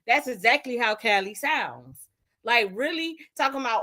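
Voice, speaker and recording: A young woman giving animated, incredulous casual commentary in a vlog, often laughing. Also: high voice, moderate pace. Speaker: vlogger.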